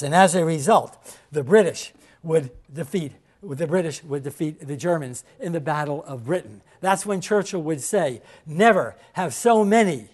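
A man delivers a history lecture to a class in a halting, emphatic way. He stumbles through fillers and restarts, then repeats his key points for emphasis. He points to slides and checks in with his listeners as he goes. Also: a little high.

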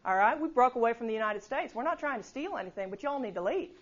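A woman's voice: a little high, animated, quick pace. Woman lecturing a class. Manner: conversational, keeps checking in with "okay?". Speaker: history lecturer. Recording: slightly dull lo-fi recording.

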